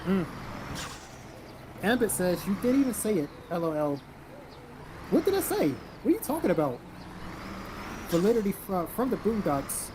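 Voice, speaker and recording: A man's voice: sits high, very animated, moderate pace, long pauses. Blunt, foul-mouthed man over background noise. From South Carolina, American South. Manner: blunt, profane, reads viewer comments aloud. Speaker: livestream host reading chat. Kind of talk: casual livestream chat.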